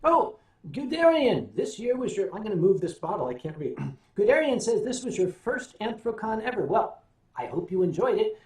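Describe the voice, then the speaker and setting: An older American man hosting a casual livestream, telling stories and answering viewer comments in a wry, unhurried way. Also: high-pitched, darkish tone. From United States. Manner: wry, unhurried storytelling with sips and hums. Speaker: livestream host. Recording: roomy sound, voice a bit off-mic.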